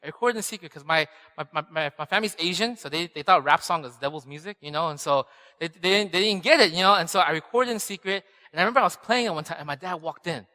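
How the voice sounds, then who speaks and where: Bright-voiced pastor in a reverberant hall. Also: male voice, a little high, fast. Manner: chatty storytelling, often asks "right?". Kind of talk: conversational sermon. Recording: long reverb in a church hall.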